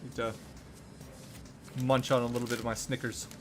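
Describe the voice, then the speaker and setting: A man's voice: medium pitch, little pitch movement, normal speed, faint music behind. A man streaming a video game, chatting casually, joking and greeting viewers. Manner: joking, laughing often, greeting chat.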